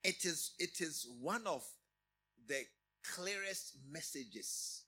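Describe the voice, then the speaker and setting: Preacher guy, middle-aged, husky bright voice, keeps repeating himself then bursts out loud. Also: on the high side, expressive, takes it slowly. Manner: emphatic, repeats and restarts phrases, sudden rises in loudness. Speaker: pastor. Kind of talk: sermon.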